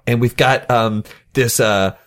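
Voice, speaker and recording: Male tabletop player, loose and rambling, average pitch, laughs often. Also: fairly even intonation, slow, fairly bright tone. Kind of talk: playing a tabletop game.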